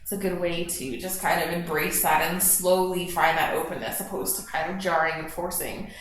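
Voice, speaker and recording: A woman leading a gentle yoga class, slowly and softly talking students through breathing and stretches. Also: fairly low pitch, steady tone, a little hiss or hum. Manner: soft, slow guiding cues with gentle encouragement. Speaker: yoga instructor. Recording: very echoey room.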